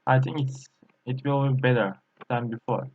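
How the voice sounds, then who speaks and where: A man whose first language is Turkish, teaching a Chinese lesson in slow, halting English full of fillers. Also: mid-range voice, steady tone, a little mellow, lo-fi sound. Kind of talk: screen-recorded language lesson.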